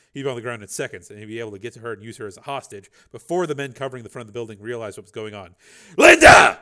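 A man narrating an action audiobook in a steady, driving read with a gravelly voice. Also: fairly low pitch.

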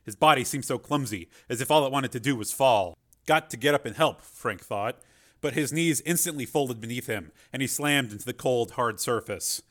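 A man reading a story aloud in a measured, expressive way. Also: medium pitch. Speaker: audiobook narrator. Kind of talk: scripted narration.

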